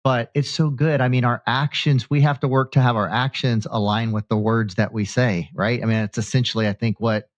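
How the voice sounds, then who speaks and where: A man's voice: medium pitch, fairly even intonation, fairly quick, few pauses, no room sound, highs cut off. A male podcast host who asks questions and affirms his guest with encouraging remarks. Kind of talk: casual interview talk.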